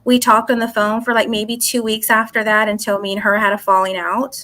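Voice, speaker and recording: A woman with a bright, forceful, fairly high voice tells her story to an interviewer. She talks animatedly, acting out what others said in quoted bits and swearing freely. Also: level tone, a little fast. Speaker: psychic guest. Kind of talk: casual interview.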